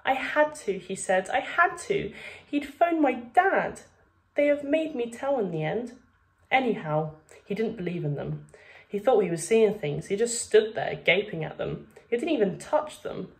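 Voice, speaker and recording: A woman's voice: medium pitch, a little mellow, close to an everyday voice. A woman voicing a distraught young schoolboy who has been crying and pleads anxiously. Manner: pleading, tearful.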